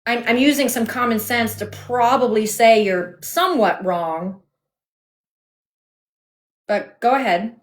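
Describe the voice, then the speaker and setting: Speaking from home on her phone, a livestream host with a fairly high voice runs a heated live debate. She stays firm and sarcastic, cutting in over her guest to keep control of the stream, and talks slowly with long pauses.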